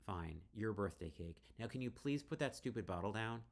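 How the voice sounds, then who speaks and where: A man voicing the young woman who is the player character in a text game, pleading with firm, steady lines. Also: lowish voice, moderate pace, a little hiss or hum, voice pushed up. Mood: pleading strained.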